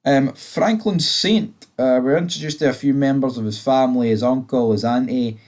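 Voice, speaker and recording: A man's voice: medium pitch, moderate pace, darkish tone. A man giving a casual, rambling TV episode review, blunt and swearing freely.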